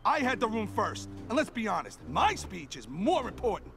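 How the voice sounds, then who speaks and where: A man's voice: sits high, big pitch swings, gravelly, music in the background, exaggerated voice. An actor playing a pushy big-city male delegate pony. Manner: pushy, fast-talking.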